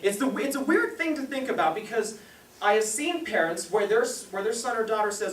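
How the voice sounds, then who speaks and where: A man's voice: sits high, big pitch swings, fairly quick. A young man presenting a parenting seminar to a live audience, telling stories, laughing often and acting out the people he quotes. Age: young adult. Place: meeting room with a live audience. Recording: echoey room, distant mic, faint hiss.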